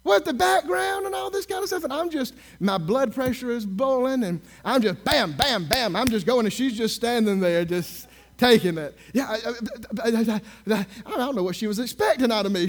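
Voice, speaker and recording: A male minister telling a story in a sermon, sarcastic and animated, acting out the people he talks to. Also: very high-pitched, a little fast. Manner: sarcastic, animated storyteller who acts out dialogue.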